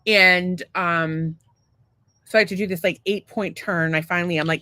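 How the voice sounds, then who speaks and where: A woman's voice: lowish voice, steady tone, normal speed, bright, forceful tone, no room sound. Profane rambling woman storyteller. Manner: profane, rambling, self-mocking. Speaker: podcast co-host. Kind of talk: casual storytelling.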